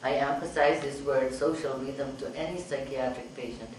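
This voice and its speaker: This middle-aged man, a psychiatrist, has a steady mid-range voice and ordinary pace. In a meeting hall he recounts anecdotes about his patients, voicing their dialogue himself, captured distantly amid echo and noise.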